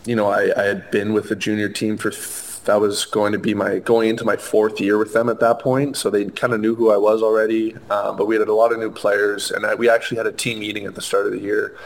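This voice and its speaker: Young male interview guest, low and even delivery, earnest, lots of "um" and restarts. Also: brisk, gravelly, hardly any pauses, slight background noise. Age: young adult. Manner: earnest, many fillers and restarts. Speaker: interview guest, hockey player. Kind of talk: conversational interview.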